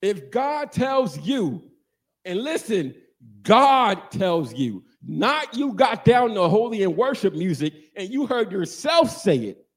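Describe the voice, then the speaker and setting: A man preaching a sermon, animated and joking, asking the congregation questions and answering them. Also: high-pitched, slow pace. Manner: animated, call-and-response, jokes with congregation.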